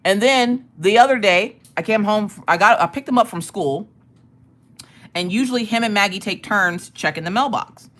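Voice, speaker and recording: A woman host telling a family story in casual chat, profane and animated, often laughing. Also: mid-range voice, normal speed. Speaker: streamer and craft channel host.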